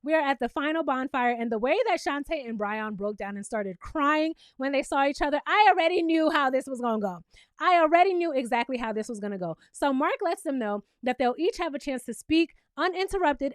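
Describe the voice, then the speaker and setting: Sassy high-voiced woman recapping a show. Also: dry recording. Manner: sassy and animated, talks straight to viewers. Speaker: reality TV recap host. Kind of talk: casual recap commentary.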